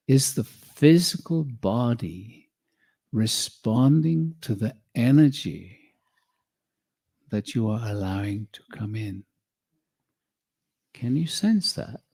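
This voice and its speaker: Man, spiritual teacher, unhurried and measured delivery, mid-range voice. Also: medium pitch, husky. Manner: measured, calm, addresses listeners as beloved. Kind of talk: slow guided spiritual teaching.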